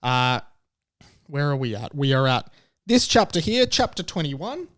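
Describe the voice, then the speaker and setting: Casting: man, podcast host, higher voice, wry and chatty. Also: big pitch swings, measured pace, a bit bright. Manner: joking, explains context to his guest. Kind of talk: casual podcast banter.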